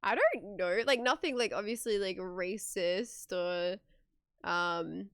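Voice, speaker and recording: A woman's voice: medium pitch, slow, fairly bright tone, no echo, clean studio sound. A young woman streamer chatting casually with her viewers, giggly and talkative, reading messages aloud.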